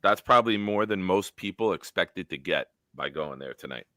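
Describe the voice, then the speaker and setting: A man hosting a casual sports live stream, animated and joking, swearing freely. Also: low voice, moderate pace, no room sound, studio quality. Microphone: home setup on a video call.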